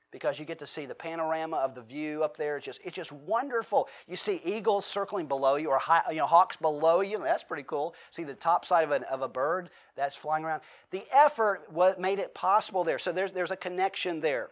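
High-voiced American pastor preaching conversationally. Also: male voice, fairly quick. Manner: conversational preaching with rhetorical questions and acted-out quotes. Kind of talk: sermon.

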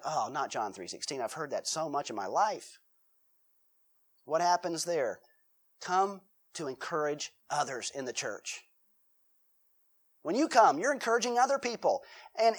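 A man's voice: fairly high pitch, a bit bright. A male pastor preaching a sermon in a conversational way, asking rhetorical questions and acting out quotes.

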